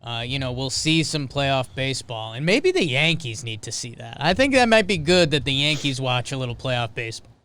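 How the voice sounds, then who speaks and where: A man's voice: medium pitch, very animated, a little fast, hardly any pauses, fairly bright tone, clear, resonant tone. A man co-hosting a casual sports podcast, upbeat and rambling with fillers as he talks through the game ahead. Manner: upbeat, rambling, hype-prone. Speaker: podcast co-host. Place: podcast studio.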